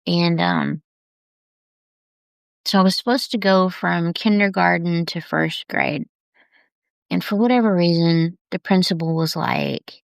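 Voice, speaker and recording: A woman talking openly and tenderly on a live video about heavy times, unhurried and confiding. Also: fairly low pitch, creaky, no echo. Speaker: artist sharing on a live video. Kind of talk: candid personal live stream.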